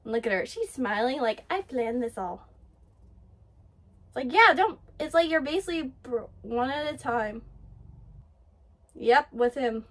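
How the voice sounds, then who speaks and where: A woman hosting an anime reaction, gushing and excitable as she comments live and swears freely. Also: sits high, normal speed.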